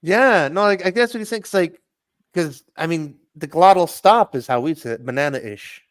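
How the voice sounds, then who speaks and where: A man's voice: sits high, moderate pace. A man in casual podcast chat, explaining things and hedging with lots of "like". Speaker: podcast co-host.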